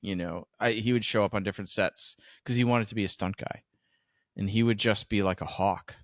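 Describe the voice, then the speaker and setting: A man co-hosting a podcast about stunt work, explaining how film sets work in a relaxed way and chiming in on his partner's stories. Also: fairly low pitch, brisk, no echo, studio quality. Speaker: podcast co-host, stunt performer. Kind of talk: casual chat.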